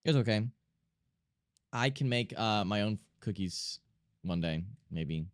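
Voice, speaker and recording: A young man with a low voice chats loosely on stream, drifting between comments to himself and his viewers. He pokes fun at himself as he goes. The sound is close and dry, with no room around it. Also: expressive, slow pace, no room sound. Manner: rambling, self-mocking, talks to himself and chat. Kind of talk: casual chat while drawing on stream.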